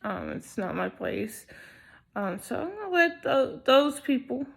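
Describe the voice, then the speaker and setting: Slow, hesitant young woman vlogging. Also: high voice, sing-song, creaky. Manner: slow, hesitant, many ums. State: sleepy, not fully awake. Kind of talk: casual personal vlog talk.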